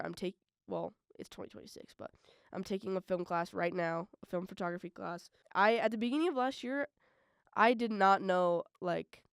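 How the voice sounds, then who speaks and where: A young woman hosting a college radio podcast, chatting casually and rambling with lots of fillers, swinging between loud bursts and mumbled asides. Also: medium pitch, clean tone, no echo, studio quality. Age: young adult. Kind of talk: casual solo podcast chat.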